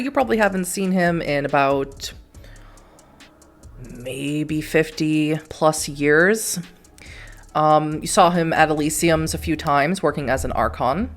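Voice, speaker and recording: A lower-voiced woman guides her players through a tabletop horror game, narrating scenes and asking for dice rolls. She talks in a chatty, easily amused way, with faint music playing under her voice. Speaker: storyteller running a tabletop game.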